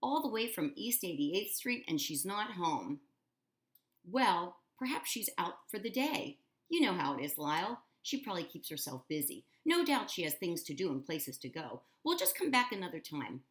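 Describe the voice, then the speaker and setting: A woman's voice: on the low side, sing-song, moderate pace. A woman reading aloud and voicing a theatrical, fussy grown man showman in a storybook, dramatic and wheedling. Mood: soothing.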